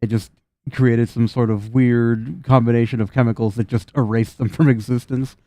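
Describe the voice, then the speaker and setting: A man's voice: mid-range voice, little pitch movement, moderate pace, warm tone, dry recording. A man narrating a tabletop game as game master, casual, swearing and laughing often.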